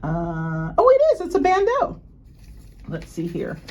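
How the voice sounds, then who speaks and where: Excitable woman unboxing luxury goods. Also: lowish voice, a little slow, a little hiss or hum. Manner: gushing, excitable gasps and exclamations. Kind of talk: casual unboxing chat.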